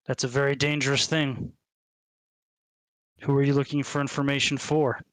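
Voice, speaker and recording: A man voicing a massive, suspicious male minotaur tavern keeper who talks slowly. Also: medium pitch, level tone, a bit bright, no room sound, close to an everyday voice.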